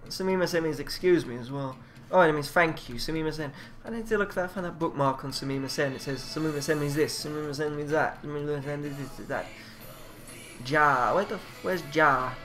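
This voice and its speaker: Man, rambling, swearing, slightly high voice, faint background music. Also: moderate pace, fairly bright tone. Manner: rambling, swears, mumbles while reading aloud. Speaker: vlogger. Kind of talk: casual self-taught language study.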